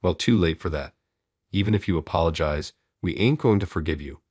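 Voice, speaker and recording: A man's voice: low-pitched, brisk, a little mellow, husky, dry recording, clean studio sound. A man voicing a group of rude young male thugs, taunting and insulting.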